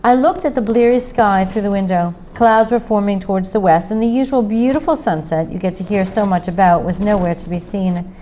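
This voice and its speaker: A woman's voice: mid-range voice, fairly quick, few pauses, mellow, slight background noise, low-quality recording. Woman reading a mystery story aloud. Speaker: story reader.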